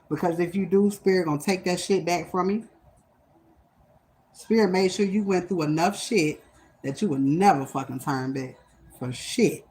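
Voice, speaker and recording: A woman's voice: on the low side, moderate pace, a little mellow. A woman giving a spiritual reading on a livestream, blunt and emphatic, cursing heavily, and often close to tears. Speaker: spiritual reader.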